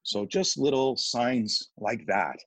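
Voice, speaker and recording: A middle-aged man, a father, telling his story in an interview in an earnest, pleading way, with pauses. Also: mid-range voice, very animated, vocal fry, fairly bright tone, breathy edge, dry recording, poor audio. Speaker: father, foundation founder, guest. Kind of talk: interview answers, personal story.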